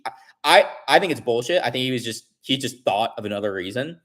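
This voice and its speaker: A man in his forties chatting casually to his livestream viewers, rambling, restarting often and telling an animated story. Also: mid-range voice, fairly quick. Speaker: livestream host.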